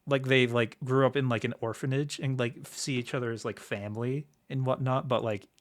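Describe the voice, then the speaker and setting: Young man recapping with halting fillers. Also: medium pitch, fairly even intonation. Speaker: podcast co-host. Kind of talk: casual chat.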